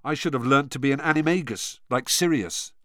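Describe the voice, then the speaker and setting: A man's voice: mid-range voice, a little fast, fairly bright tone, no echo, studio quality, natural voice. A man voicing a tired teenage schoolboy in an audiobook, speaking wearily. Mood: weary. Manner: weary. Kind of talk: audiobook character voice.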